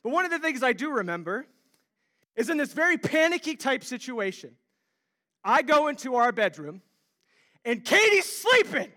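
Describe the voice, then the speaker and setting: A young man from Ohio preaching a sermon, telling animated stories with self-deprecating humor. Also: extremely high pitch, moderate pace. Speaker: pastor.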